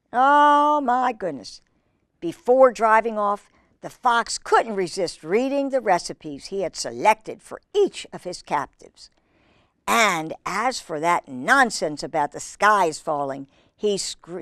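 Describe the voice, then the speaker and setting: Woman reading to children, lively rising voice, unhurried, dry close sound. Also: mid-range voice, no room sound. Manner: animated, exclaiming, chatty asides to kids. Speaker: children's storytime reader. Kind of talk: reading a picture book aloud with asides.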